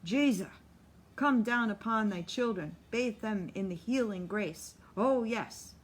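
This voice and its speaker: A woman's voice: medium pitch, measured pace, close to an everyday voice. A woman voicing a tormented male tent-revival preacher who pleads and cries out in impassioned calls. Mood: fervent pleading.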